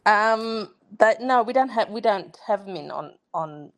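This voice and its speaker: Animated Australian woman, exasperated banter. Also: unhurried. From Sydney, Australia. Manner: exasperated, swears freely, swooping pitch. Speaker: podcast co-host. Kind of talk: casual comedic banter.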